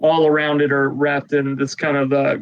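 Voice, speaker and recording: A man's voice: mid-range voice, completely flat delivery, moderate pace, muffled recording. A man narrating a tabletop game as game master, describing the scene in a rambling way with many fillers.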